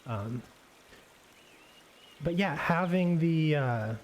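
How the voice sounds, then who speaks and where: A man giving a relaxed, rambling live painting demonstration, thinking aloud with many fillers and restarts as he works. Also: a little high, extremely slow, muffled recording, slight background noise. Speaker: art instructor painting live. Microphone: desk microphone on a livestream.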